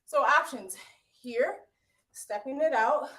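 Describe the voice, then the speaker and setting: A woman's voice: high voice, takes it slowly, fairly bright tone. A woman fitness instructor coaching a live workout, upbeat and out of breath, cheering and counting down. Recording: echoey room from far off.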